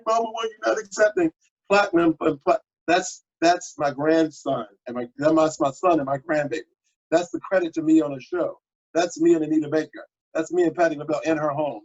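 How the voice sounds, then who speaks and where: A man preaching a sermon as pastor, animated and exhortative, breaking into sudden high exclamations. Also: dull audio. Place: at home.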